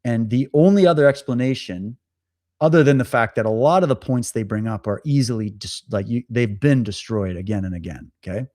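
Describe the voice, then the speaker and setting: A man hosting a livestream, telling a story in a casual, animated way, often stammering, repeating himself and acting out what others said. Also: medium pitch, a little fast, no echo, clean studio sound. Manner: animated, stammers and repeats words, acts out quotes. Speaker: livestream host.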